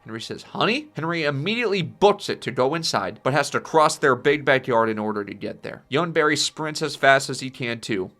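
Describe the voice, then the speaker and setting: A man reading a scripted story pitch in a steady, descriptive narration. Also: fairly quick, few pauses. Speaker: channel host.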